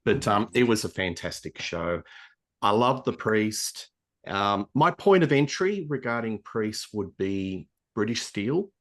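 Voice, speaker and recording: Low-voiced Australian male guest. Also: expressive, measured pace, a bit bright. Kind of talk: casual chat over a video call.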